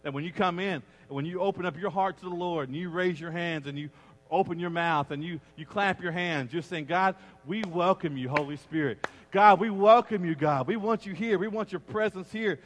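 A middle-aged pastor preaches in an animated way, often slipping into the voices of the people he quotes. His voice sits a little high for a man. It rings out with the long reverb of a big church sanctuary. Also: a little fast. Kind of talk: sermon.

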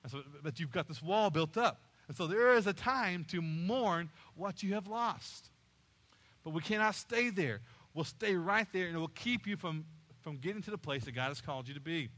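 Bright-voiced preacher man building passion. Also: high voice, expressive, moderate pace. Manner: preaching with rising passion, repeating phrases. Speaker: pastor. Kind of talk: sermon.

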